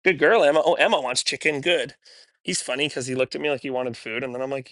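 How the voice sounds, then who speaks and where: A quick-paced man with a fairly bright tone speaks with no room sound. As a dog trainer working with a dog on camera, he keeps things chatty and candid, breaking into high, cheery praise for the dogs.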